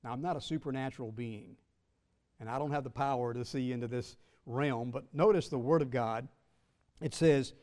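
A man preaching a sermon with emphatic, drawn-out stresses, swinging between loud bursts and soft asides, and teasing his listeners now and then. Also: medium pitch.

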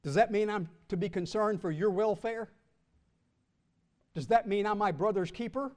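Man, pastor, high voice, sermon, call-and-response questions, slow emphatic key words. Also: a little mellow. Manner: calls out questions for the congregation to answer.

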